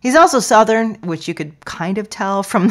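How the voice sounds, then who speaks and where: A woman hosting a podcast, talking in a playful, expressive way and sometimes dropping to a soft near-whisper. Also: mid-range voice, moderate pace. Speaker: podcast host. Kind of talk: podcast intro monologue.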